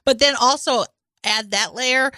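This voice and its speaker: Bright, higher-voiced woman co-host. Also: unhurried. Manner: breezy, sings snatches of songs. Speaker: podcast co-host. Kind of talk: casual chat.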